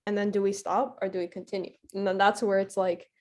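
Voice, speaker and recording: A woman's voice: mid-range voice, level tone, a little mellow. A woman co-hosting a podcast discussion, chatty and full of fillers. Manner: chatty, quick filler-laden talk. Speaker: podcast co-host. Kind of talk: casual discussion.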